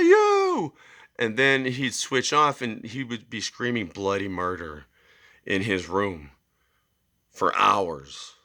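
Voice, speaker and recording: Brief: young man, lowish voice with a forceful edge, rambling storyteller, keeps asking "right?". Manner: animated, acts out screams and quotes. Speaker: vlogger. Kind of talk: casual storytelling monologue.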